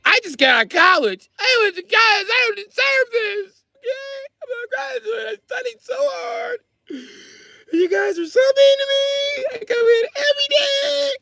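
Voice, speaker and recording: A man's voice: very high-pitched, normal speed, vocal fry, sharp tone, no room sound, pitched above the performer's own voice, exaggerated voice. A man voicing a young, overwhelmed woman teacher who wails her complaints through sobs. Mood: tearful whining. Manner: sobbing, wailing complaints.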